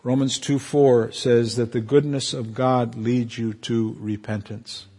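Preaching as a pastor, this man is fervent and emotional, and his voice climbs upward in moments of strong feeling. His delivery is unhurried, with a level, mellow tone.

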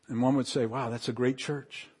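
A pastor preaching a sermon, reading scripture aloud and swinging between hushed lines and raised, emphatic passages. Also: male voice, medium pitch, little pitch movement, normal speed, slightly rough.

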